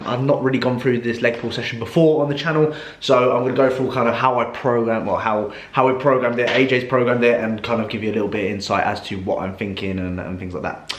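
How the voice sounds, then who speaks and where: A young man chatting casually as a fitness vlogger, swearing freely and ranting loudly. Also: mid-range voice. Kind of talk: casual vlog chat. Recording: echoey room.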